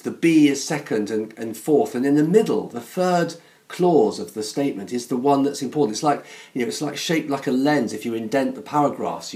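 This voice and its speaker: A man's voice: mid-range voice, darkish tone. A man, a parish priest, giving a chatty, self-deprecating sermon in a church.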